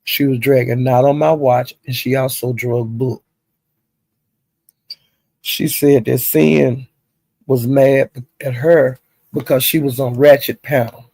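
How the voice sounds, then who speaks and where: Gravelly man gossiping about online drama. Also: mid-range voice, slow pace, pauses often, no echo. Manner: gossipy, animated retelling with slang and profanity. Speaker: commentary channel host. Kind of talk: casual recap of online drama.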